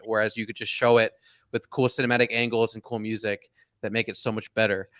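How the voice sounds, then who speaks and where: Bright, smooth-voiced podcast host man. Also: on the low side, quick pace, no echo. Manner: rambling, repeats words when excited. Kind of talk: casual chat.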